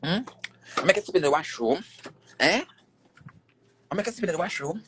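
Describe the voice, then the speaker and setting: A woman's voice: fairly low pitch, expressive, moderate pace, background noise. Heated Jamaican woman on a cussing rant. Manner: repetitive, insulting, heated. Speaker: livestreamer. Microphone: phone on a screen-recorded livestream.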